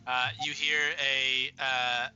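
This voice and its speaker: A man narrating a tabletop game as game master, describing scenes in a halting way full of fillers. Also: medium pitch, flat delivery, bright, forceful tone, muffled recording, soft background music.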